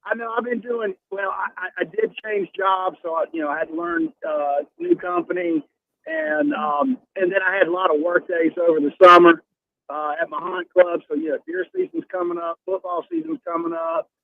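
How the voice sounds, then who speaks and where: A man in his forties calling into a radio show from his car on the highway, friendly and rambling. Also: very animated, normal speed, vocal fry, no room sound. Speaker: caller. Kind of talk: casual phone call. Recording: tinny phone line with road noise.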